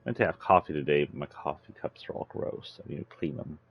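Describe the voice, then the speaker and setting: Low-voiced man chatting while gaming. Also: animated, quick pace, highs cut off. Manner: rambling, chuckling to himself, chatty with his cat. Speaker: game streamer. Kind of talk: casual live-stream chat.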